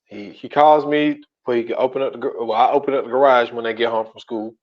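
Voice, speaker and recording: A man co-hosting a podcast in casual chat, telling stories in loose, slangy, animated speech. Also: medium pitch, quick pace. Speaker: podcast co-host. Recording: dull lo-fi audio.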